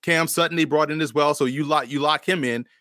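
A man's voice: a little high, steady tone, brisk, a bit bright, dry recording, studio quality. A man, a guest analyst, explaining his picks with confident, point-by-point reasoning. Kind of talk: casual sports analysis.

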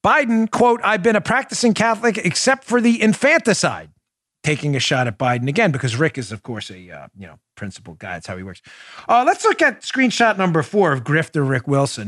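A middle-aged former police officer hosts a political commentary podcast, sounding sarcastic, mocking and emphatic. His mid-range, slightly bright voice swings widely in pitch and runs a little fast, captured in clean studio sound with no echo.

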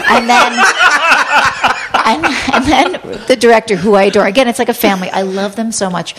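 Woman, podcast guest, lively storyteller, acts out quotes, salty language, echo trailing off in the room. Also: mid-range voice, moderate pace, slight background noise. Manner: animated storytelling, acts out quotes, swears freely. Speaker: guest actress and improviser. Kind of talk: casual podcast chat.

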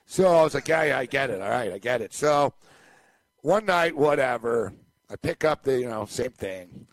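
A podcast co-host, male, telling a rambling story with lots of asides and chuckles. His voice sits mid-pitch and is recorded close and dry in a studio. He is relaxed and conversational. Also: moderate pace, dry recording. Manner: rambling, animated anecdote telling with laughs. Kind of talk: casual storytelling chat.

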